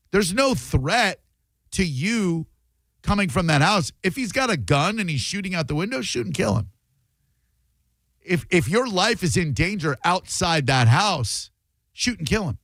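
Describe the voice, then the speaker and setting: A man's voice: on the high side, a bit bright, no echo. A man hosting a call-in talk radio show, blunt and opinionated.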